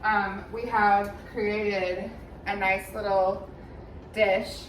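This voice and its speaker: A woman's voice: medium pitch, little pitch movement, extremely slow. A young woman hosting her own vlog, chatting casually and signing off in a friendly, upbeat way. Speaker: vlogger, channel host. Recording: roomy and a bit distant, faint hiss.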